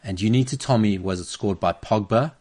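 Laughing, animated male podcast host. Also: fairly low pitch, brisk. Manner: animated, laughs often, storytelling. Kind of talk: casual chat. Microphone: studio microphone.

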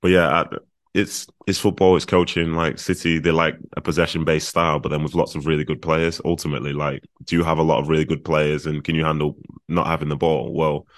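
A man's voice: very deep voice, level tone, a little fast, no room sound, studio quality. A man discussing football tactics as a podcast pundit, in an analytical casual style with frequent fillers.

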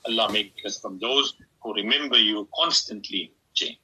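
A man's voice: on the low side, moderate pace, bright, forceful tone, a little hiss or hum, rough recording. A man giving a devotional talk as an Islamic scholar guest on a radio program, speaking fervently and stretching words for emphasis.

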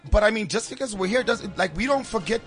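A young man co-hosting a radio show, joking and laughing loudly in casual banter. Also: sits high, animated, quick pace. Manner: laughs often, loud and playful. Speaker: radio co-host.

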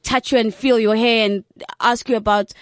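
A woman speaking in a panel discussion, her voice sitting a little high. She builds her points earnestly in long lists, recorded close and dry with no room sound. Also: steady tone, normal speed, no room sound. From South Africa.

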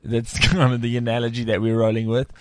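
A man's voice: medium pitch, level tone, brisk, darkish tone, no echo. A man hosting a comedy podcast, joking and bantering with his co-hosts in a studio. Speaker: podcast host. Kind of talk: casual chat.

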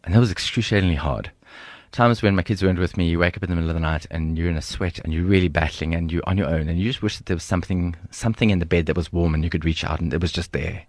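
A middle-aged South African man with a South African accent, a guest telling stories in an interview in an animated, humorous way. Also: low-pitched, fast talker, few pauses, dry recording. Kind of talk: storytelling interview.

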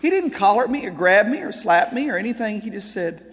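A woman speaker telling a personal story in an animated way, with laughing asides, in a large hall. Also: medium pitch, brisk, slight background noise. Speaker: Christian speaker and author. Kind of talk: storytelling talk.

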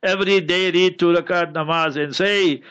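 A high-voiced man holds forth as a mufti on a religious question-and-answer broadcast. He preaches in a joking way and comes back again and again to the same reminders. The sound is dull and lo-fi. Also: fairly even intonation, normal speed, fairly bright tone, clear, resonant tone. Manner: preachy, joking, keeps repeating "you must remember".

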